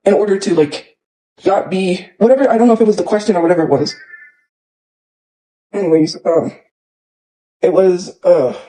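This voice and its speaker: A man's voice: fairly high pitch, mellow, poor audio. A man ranting on a livestream, upset and rambling, repeating himself and filling gaps with "like" and "you know.". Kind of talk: emotional livestream rant.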